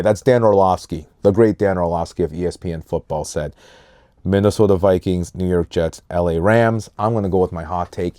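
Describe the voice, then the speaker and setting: Dark-voiced man giving sports hot takes. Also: deep voice, no echo, clean studio sound. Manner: animated hot takes, calls out names and leans on words. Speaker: podcast host. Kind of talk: casual sports podcast chat.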